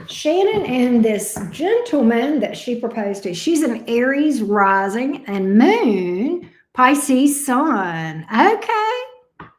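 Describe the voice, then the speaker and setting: A woman reading tarot on a casual livestream, sleepy and affectionate with her viewers. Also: fairly high pitch. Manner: drawling and affectionate, sleepy, calls viewers love bug and honey. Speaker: tarot reader. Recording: roomy echo.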